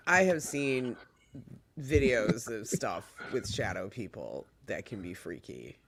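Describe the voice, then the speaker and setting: Slow, gravelly man on a noisy mic. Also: on the low side. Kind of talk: casual podcast chat.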